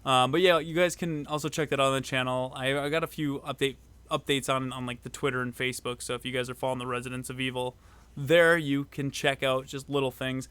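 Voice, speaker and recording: A man talks on a casual podcast in a smooth, clean voice. He rambles with lots of fillers and gets excited now and then. The mic is close and dry, with no room sound. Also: medium pitch, quick pace, dry recording. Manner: loose, filler-heavy, excitable. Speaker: podcast co-host, mod maker.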